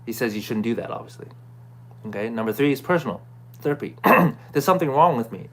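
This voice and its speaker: Male vlogger, casual self-help recap, conversational, frequent "right?" and throat clearing. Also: mid-range voice, animated, fairly quick, fairly bright tone. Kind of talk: casual talking-to-camera recap.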